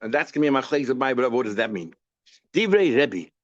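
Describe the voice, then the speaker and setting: A rabbi teaching a daily Talmud page in a casual lecture, asking questions and answering them himself, mixing English with Hebrew and Yiddish terms. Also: male voice, mid-range voice, sing-song, fast talker, no echo, dull audio.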